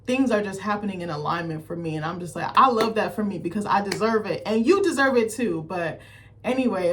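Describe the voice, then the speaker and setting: A young adult woman telling a rambling, animated story straight to her camera, full of "like" and quoted asides. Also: fairly low pitch, slight background noise. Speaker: vlogger. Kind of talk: casual chat to camera.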